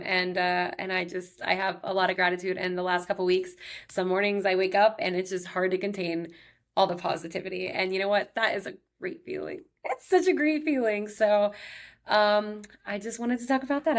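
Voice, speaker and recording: A woman in her thirties hosting her own podcast, telling personal stories in a chatty, upbeat way full of "like" and "he's like". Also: medium pitch. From Texas. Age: 30s. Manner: chatty, heavy use of "like", emotional and upbeat. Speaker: podcast host. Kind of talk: casual personal storytelling monologue.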